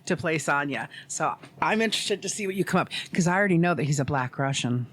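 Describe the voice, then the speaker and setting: A woman co-hosting a podcast in an animated, chatty way. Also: deep voice, fast talker. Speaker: podcast co-host. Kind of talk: casual chat.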